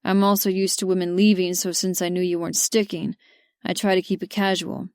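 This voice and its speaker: A woman narrator voicing a grumpy young man who speaks softly and earnestly to the woman he loves. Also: on the low side, flat delivery, brisk, clean tone, no echo, studio quality, lightly acted. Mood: tender. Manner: soft, earnest. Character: grumpy young cowboy-type man in love.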